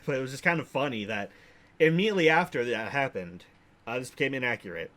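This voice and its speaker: A young man hosting casual game commentary, relaxed and amused, chuckling often. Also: mid-range voice, quick pace. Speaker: host.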